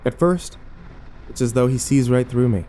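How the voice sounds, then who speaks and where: Man, horror story narrator, mellow dark tone, measured, faint background hiss. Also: mid-range voice.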